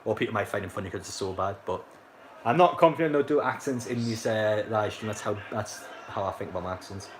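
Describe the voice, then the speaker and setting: Speaking fast in a lowish voice, a young man from North East England gives casual live commentary on a football match. There's a slight hiss or hum, and he rambles, uses lots of fillers and reacts to chat.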